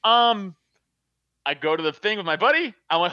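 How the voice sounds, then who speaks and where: A man's voice: high-pitched, animated, moderate pace, sharp tone, clear, resonant tone, no echo, lo-fi sound. A man telling a profane, laughing story in casual chat.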